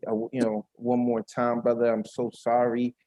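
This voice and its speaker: A man hosting an online open mic over a video call, chatting in an energetic, slangy way. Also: mid-range voice, moderate pace. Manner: energetic, slangy, talks to the audience directly. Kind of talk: casual hosting banter.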